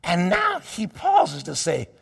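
A middle-aged male pastor preaching a sermon, swinging between hushed asides and shouted climaxes. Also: high voice, huge pitch swings, slow, creaky, breathy edge. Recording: long reverb of a church hall.

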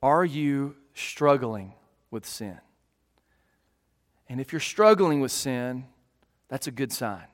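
A man in his thirties preaching a sermon, earnest and emphatic, slowing on key words and often restarting phrases. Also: mid-range voice, lively intonation, big-room sound. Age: 30s. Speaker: pastor.

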